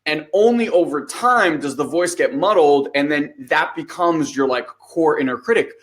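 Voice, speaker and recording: A man in his thirties co-hosting a podcast, telling a story in a loose, animated way and acting out the lines he quotes. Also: on the high side, moderate pace. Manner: animated storytelling, acts out quotes, swears casually. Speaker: podcast co-host. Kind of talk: casual conversation.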